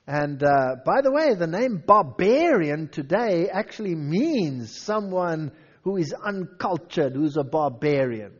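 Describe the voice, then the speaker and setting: Animated high-voiced man lecturing on history. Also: a little slow, highs cut off. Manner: storytelling, reads quotations aloud with dramatic flair.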